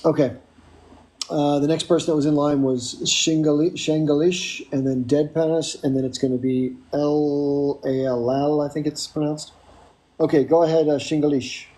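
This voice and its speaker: A man's voice: fairly high pitch, steady tone, normal speed, warm tone. A man hosting a live stream, cutting off an angry caller and calling up the next in line. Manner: firm but apologetic, managing callers. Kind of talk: moderating call-ins.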